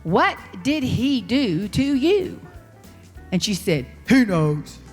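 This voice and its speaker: A middle-aged woman with a Southern US accent telling a sassy, animated story as a professional speaker before an audience in a large hall. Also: a little high, slow, soft background music. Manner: sassy, animated storyteller who acts out quotes. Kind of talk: storytelling keynote speech. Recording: live stage talk in a reverberant hall.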